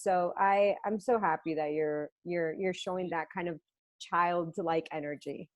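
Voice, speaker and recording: A woman's voice: on the low side, steady tone, measured pace. A woman hosting an interview, responding in an enthusiastic, affirming way. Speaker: interview host. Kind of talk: casual chat.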